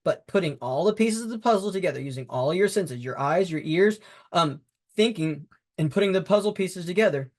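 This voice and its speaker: A man's voice: high-pitched, lively intonation, a little fast. A man teaching baseball umpires, talking them through game footage in a conversational, emphatic way with frequent fillers and restarts. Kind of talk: instructional talk over game footage.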